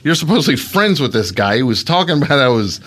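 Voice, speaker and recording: Man, comedy podcast host, sarcastic, grumbling, mid-pitched, very animated. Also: fast. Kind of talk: improvised comedy podcast bit.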